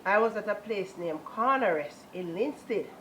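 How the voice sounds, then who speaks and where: A woman's voice: mid-range voice, expressive, a little slow, a bit bright, slight background noise, low-quality recording. A woman with a Jamaican accent giving a personal religious testimony, telling her story earnestly and moving into repetitive, preaching praise.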